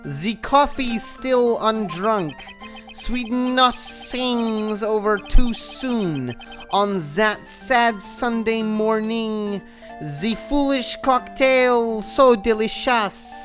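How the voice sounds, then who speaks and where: A woman putting on a French accent to recite poetry slowly and with intensity as a pompous man. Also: fairly high pitch, pitched above the performer's own voice. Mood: dramatic. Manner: slow, dramatic, intense. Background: game music.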